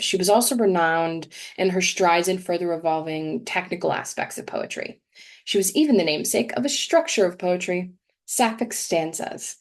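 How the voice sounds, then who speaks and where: A young adult woman giving a prepared talk at a congregation service, explaining things in a measured way and reading verse slowly with emphasis. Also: on the low side, gravelly, a little mellow. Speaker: guest speaker at a congregation service. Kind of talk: prepared talk read aloud.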